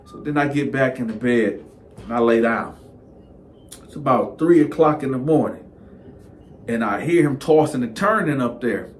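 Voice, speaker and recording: A man telling a comedic story in an animated way, jumping into the voices of the people in it. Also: mid-range voice, moderate pace, long pauses, slight background noise.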